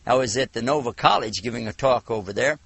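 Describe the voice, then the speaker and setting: A man from the United States giving a televised religious lecture, telling stories with animated, acted-out dialogue. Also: mid-range voice, quick pace, gravelly, breathy edge, dry recording. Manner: animated storytelling, acts out dialogue. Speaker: Islamic lecturer.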